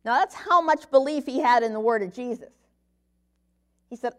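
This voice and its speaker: A woman's voice: on the high side, normal speed, long pauses. Woman giving a chatty Bible lesson. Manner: conversational teaching, frequent "okay?" check-ins. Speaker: Bible teacher. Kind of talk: sermon.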